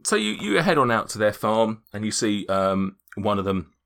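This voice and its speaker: Male game master, lowish pitch, rambling, jokey narration. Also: very animated, moderate pace, creaky, a bit bright.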